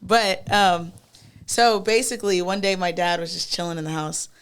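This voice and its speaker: A woman's voice: fairly low pitch, moderate pace, clear, resonant tone. A young woman, a podcast guest, telling a story in casual chat and acting out the people in it. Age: young adult. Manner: lively storyteller, acts out quoted voices.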